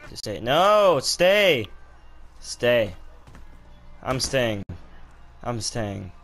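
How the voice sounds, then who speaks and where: A man giving live commentary while gaming, making excitable callouts to teammates and repeating words in quick bursts. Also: medium pitch, soft background music. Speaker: gamer.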